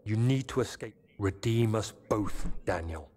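An actor playing a man's recorded note voice, grave and urgent, with a solemn, measured reading. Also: fairly low pitch, warm tone, husky. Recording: long reverb with music behind.

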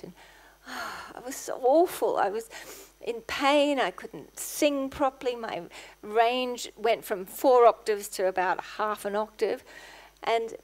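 A middle-aged woman, a guest pastor, preaching a sermon in church, rising to loud, passionate exclamations. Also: a little high, a little slow.

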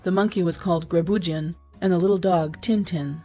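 A woman storyteller reads a fairy tale in a calm, even, scripted way. Her voice is lowish, mellow and a little breathy. Soft music plays faintly behind her. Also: brisk. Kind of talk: scripted narration.

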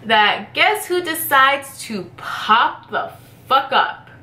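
A woman with a higher, bright and forceful voice telling a story to the camera. She rambles and swears freely, leaning on "like" between thoughts, and the room around her sounds echoey. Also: animated, takes it slowly. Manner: profane, rambling, heavy use of "like". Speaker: vlogger telling a personal story. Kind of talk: casual storytime chat.

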